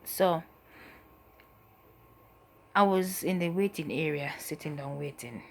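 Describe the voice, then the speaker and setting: Woman, low-pitched and gravelly, halting emotional testimony that trails off, faint hiss behind. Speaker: mother telling her story. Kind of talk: personal testimony.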